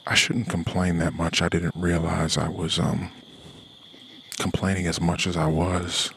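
A man's voice: deep voice, level tone, a little slow, vocal fry, fairly bright tone, a little hiss or hum. A middle-aged man, a podcast host, ranting in a profane personal monologue. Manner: profane, ranting, with heated quoted asides.

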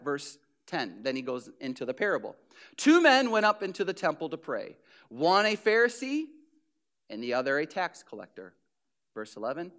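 Male preacher, casual sermon delivery, lots of "you know," high and bright, crisp tone. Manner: conversational, frequent "you know" fillers, acts out quoted voices.

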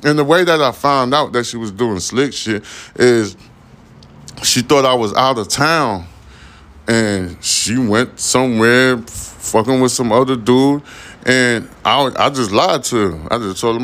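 A man's voice: medium pitch, unhurried, a bit bright. A young man hosting a podcast, rambling casually in a profane, slang-heavy monologue. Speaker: podcast host.

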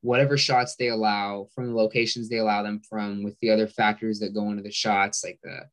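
A man guest explaining stats in a measured, casual way, often restarting his sentences. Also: lowish voice, flat delivery.

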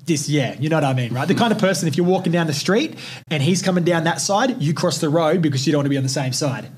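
Man, husky voice, fairly high for a man, blunt and profane, podcast storytelling. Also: lively intonation, fast. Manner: blunt, heavily profane, intense. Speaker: podcast host.

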